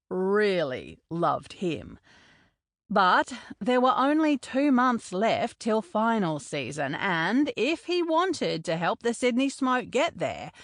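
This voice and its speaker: A woman reading a novel aloud as an audiobook narrator, measured and steady. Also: mid-range voice, no echo, studio quality.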